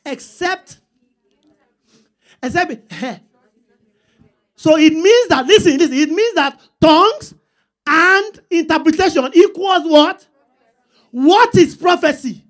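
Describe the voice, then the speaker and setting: High-voiced woman preaching. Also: animated, takes it slowly, long pauses. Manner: call-and-response with the congregation, emphatic repeats. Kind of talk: sermon.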